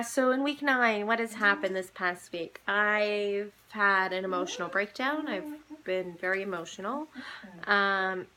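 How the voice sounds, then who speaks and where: A woman's voice: medium pitch, sharp tone. A young woman vlogging in a casual, rambling chat, full of "like" and "um". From Canada. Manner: rambling, many "like"s and "um"s.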